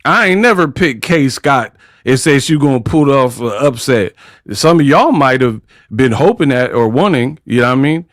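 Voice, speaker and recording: A man's voice: mid-range voice, animated, moderate pace, no echo, studio quality. A man hosting a casual boxing commentary vlog, talking in brash, slangy trash talk. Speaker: boxing commentary channel host.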